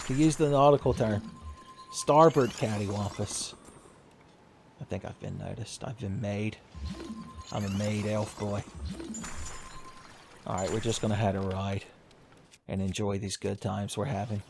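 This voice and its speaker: A man's voice: on the low side, fairly even intonation, a little slow, creaky, pauses often, darkish tone, soft background music. Joking gamer man with a drawl. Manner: joking, swearing, frequent laughs. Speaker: gaming video host. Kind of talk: let's play commentary.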